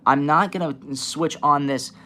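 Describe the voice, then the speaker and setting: A man hosting a live stream, ranting in an animated, passionate way and stuttering and restarting often. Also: a little high, unhurried, slight background noise. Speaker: live stream host giving readings. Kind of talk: casual live-stream rant. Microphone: camera mic, moves the camera around.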